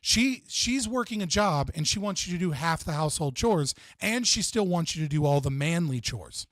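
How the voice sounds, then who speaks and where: Guy ranting on a podcast, cusses a lot, kinda high voice, dry close sound. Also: expressive, normal speed, no room sound. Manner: blunt, profane, rambling. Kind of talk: casual podcast talk.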